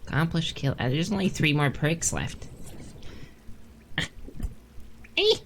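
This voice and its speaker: A woman's voice: deep voice, animated, slow, a little hiss or hum. A woman streamer chatting casually while playing a game, thinking aloud and answering her chat. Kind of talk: casual gameplay commentary.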